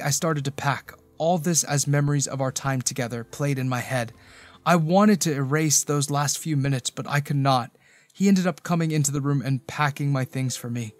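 A man narrating a first-person romance story in a steady, even reading voice. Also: fairly high pitch, no room sound.

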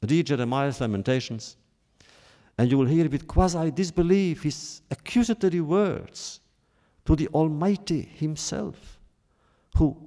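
A man giving a formal public lecture, solemn and measured, lifting his voice sharply on key words. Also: mid-range voice, dark tone.

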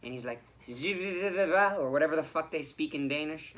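A man's voice: a little high, lively intonation, moderate pace. A young man co-hosting a podcast, recapping a hockey game in rambling, profane casual chat. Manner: rambling, profane, swings from mumbling to shouting. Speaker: podcast co-host.

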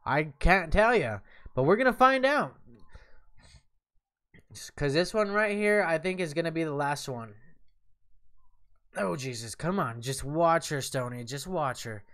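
A man streaming a game live, tipsy and swearing loudly at the boss as he comments on his play. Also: on the high side, lively intonation, a little slow, pauses often. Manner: profane, yelling and cursing at the game. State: tipsy from drinks and smoking.

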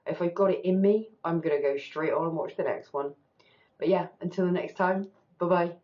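A woman's voice: on the low side, a little fast, dull audio. A woman hosting a TV reaction channel, talking candidly and with animation, swearing casually as she reacts.

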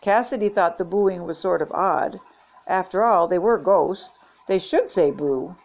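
An older woman reading a children's chapter book aloud in a steady, gentle read-aloud manner. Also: fairly low pitch, a little slow, vocal fry, low-quality recording. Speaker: storybook reader.

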